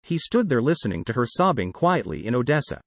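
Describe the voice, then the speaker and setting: A man reading an audiobook in a steady, measured way. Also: mid-range voice, no echo. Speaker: audiobook narrator. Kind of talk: audiobook narration.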